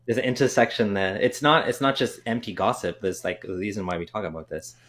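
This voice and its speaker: A man's voice: on the low side, brisk, a bit bright. A man co-hosting a casual live stream, making emphatic points with fillers like "like" and "right".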